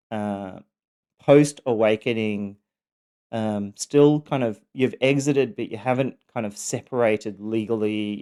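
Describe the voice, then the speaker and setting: A man's voice: on the low side, dark tone, clear, resonant tone. A middle-aged man candidly telling his own story, frank, casually swearing, with wry laughter.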